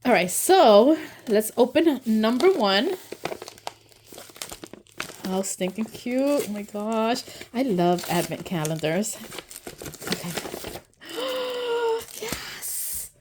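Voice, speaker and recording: A woman hosting an unboxing video, gushing and excited, sometimes dropping to a soft whisper as she opens items. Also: a little high, slow pace, long pauses, noisy background. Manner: gushing, excitable, often says "so stinking cute". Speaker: unboxing channel host. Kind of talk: casual unboxing narration.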